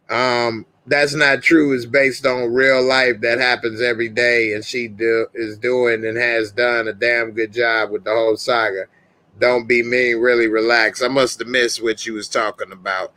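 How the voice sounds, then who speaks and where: A man's voice: mid-range voice, little pitch movement, unhurried, bright, forceful tone, dry recording. A man hosting a live reaction stream, casually reading out viewer comments and ratings in a laid-back, chatty way.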